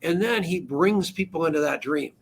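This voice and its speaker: A man's voice: on the high side, normal speed, gravelly, a little hiss or hum. A man hosting a talk radio show, introducing his guest with effusive, joking praise. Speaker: host.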